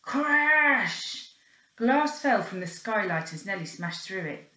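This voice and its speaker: A woman reading a children's storybook aloud in an expressive, animated way, acting out the sound effects. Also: mid-range voice, normal speed, roomy sound, rough recording.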